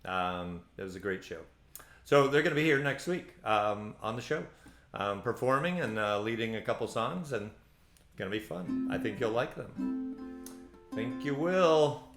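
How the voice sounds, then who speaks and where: A man from Central Florida hosts a ukulele play-along show, chatting in a relaxed, rambling way between songs with plenty of ums and uhs. His voice is fairly low and a little slow, the sound is roomy, and soft music plays in the background.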